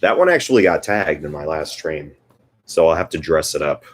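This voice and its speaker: A man's voice: very deep voice, animated, moderate pace. A man hosting a guitar live stream, chatting casually between songs in a rambling, self-deprecating way with lots of fillers. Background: guitar playing.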